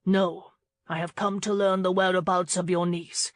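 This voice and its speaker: A woman's voice: fairly low pitch, flat delivery, moderate pace, no echo, natural voice. A woman voicing an intense, desperate duke who pleads and roars. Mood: curt. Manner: intense, pleading then roaring. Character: brooding duke, man, desperate and commanding.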